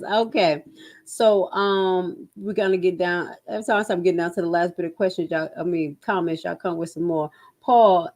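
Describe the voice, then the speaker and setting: Livestream host, woman, Jersey accent, lowish pitch, casual and animated. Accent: New Jersey. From New Jersey. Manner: animated, swings loud and high when exclaiming. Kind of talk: casual livestream chat reading comments.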